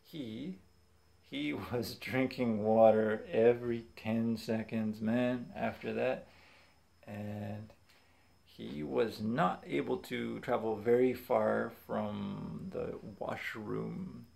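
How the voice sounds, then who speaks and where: A young man casually telling funny stories from his childhood, animated and quick to laugh. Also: fairly low pitch, gravelly. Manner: animated, acts out voices in quotes, laughs often. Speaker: vlogger. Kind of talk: casual storytelling.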